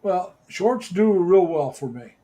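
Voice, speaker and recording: A man's voice: high-pitched, expressive, mellow, slight background noise, poor audio. Rambling middle-aged man on a livestream. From United States. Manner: rambling, halting with many fillers. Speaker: livestream host. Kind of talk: casual livestream chat.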